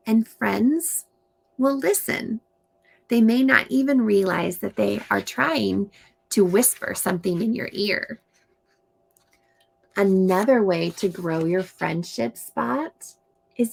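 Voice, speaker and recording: A woman reading aloud and explaining to young children in a slow, gentle teaching manner. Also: medium pitch, creaky, husky. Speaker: storytime reader and teacher.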